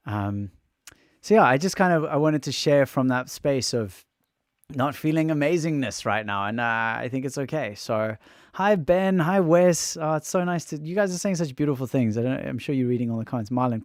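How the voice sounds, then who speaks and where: With a medium-pitched voice, lively intonation and normal speed, a livestreaming musician chats openly in a casual stream. He's drained and emotional, throat raw, rambling and starting sentences over. The audio is studio quality with no room sound.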